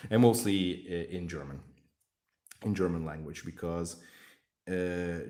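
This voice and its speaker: Deep, slow-talking Hungarian man. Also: darkish tone. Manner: outspoken, rambling. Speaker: livestream host. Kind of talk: casual livestream chat.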